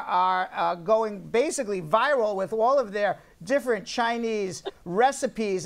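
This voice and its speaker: A man hosting a TV talk show, asking long, rambling, chatty questions. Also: high-pitched. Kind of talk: TV interview.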